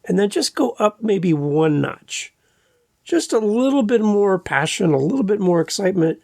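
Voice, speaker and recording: Relaxed, gravelly-voiced podcast host man. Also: high-pitched, dry recording, clean studio sound. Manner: relaxed, unhurried conversational delivery. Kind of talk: casual chat. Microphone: podcast microphone.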